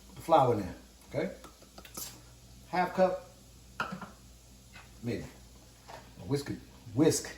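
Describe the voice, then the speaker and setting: A man's voice: mid-range voice, sing-song, takes it slowly, long pauses, darkish tone, recorded from a distance. A man hosting a home cooking video, chatting playfully with his viewers as he cooks. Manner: chatty and playful, talks to the audience as "cooks" and "y'all". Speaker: home cooking channel host. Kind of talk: casual cooking vlog. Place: home kitchen. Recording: echoey kitchen, voice off-mic, faint room noise.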